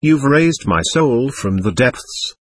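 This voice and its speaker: Brief: an earnest young novice, voiced by a man, firm and husky. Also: medium pitch, sing-song, slow pace, no echo.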